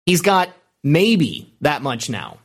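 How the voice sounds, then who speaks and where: Man, political show host, emphatic opinionated delivery, somewhat high voice, keeps saying okay. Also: wildly swooping pitch, slow, slightly rough. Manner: emphatic, repeats "okay" and "all right".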